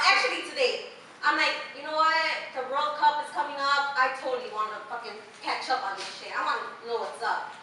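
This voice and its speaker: A woman's voice: sits high, sharp tone. A young woman doing unprepared stand-up at an open mic, rambling and profane, with lots of "like" and giggles. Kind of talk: improvised stand-up comedy. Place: small open mic venue. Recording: echoey room, distant mic, faint noise.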